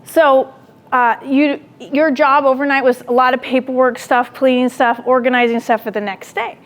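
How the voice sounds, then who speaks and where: A woman's voice: high-pitched, steady tone, normal speed. A woman giving a classroom lecture, telling a personal story and acting out her own lines with animation, then putting questions to the audience. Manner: asks the audience direct questions.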